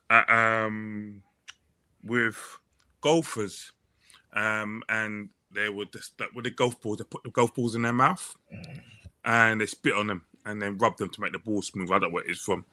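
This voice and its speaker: Man, rambling storyteller, bright tone, dry close sound. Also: on the low side, measured pace, dry recording. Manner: rambling, restarts a lot, animated when telling stories. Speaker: podcast host. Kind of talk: casual chat, storytelling.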